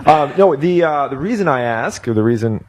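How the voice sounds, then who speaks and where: A male show host reading out a viewer's question, halting and restarting in a deadpan way. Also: fairly high pitch, slight background noise.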